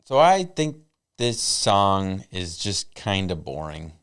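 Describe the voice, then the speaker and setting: A man co-hosting a comedy podcast, giving his take in dry, teasing, unhurried casual chat. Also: low-pitched, big pitch swings, clean tone. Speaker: podcast co-host.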